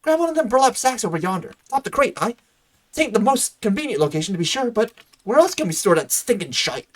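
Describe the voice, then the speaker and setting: A man's voice: high-pitched, big pitch swings, fast, far from the mic, pitched above the performer's own voice. A man voicing a brusque rustic woman who supervises farmhands and talks in blunt folksy dialect.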